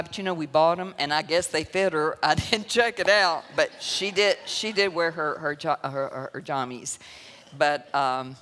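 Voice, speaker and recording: A woman with a Southern US accent, speaking in a low, fairly bright voice at normal speed, shares an emotional personal testimony with a church audience, mixing laughter and sorrow. She is a guest speaker in a church sanctuary, and the recording carries the long reverb of a church hall.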